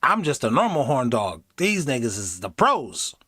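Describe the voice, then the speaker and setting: A man's voice: mid-range voice, moderate pace, a crowd in the background. A man hosting a reaction video, talking casually and jokingly, slipping into mocking voices. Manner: animated, jokey, does mocking voices.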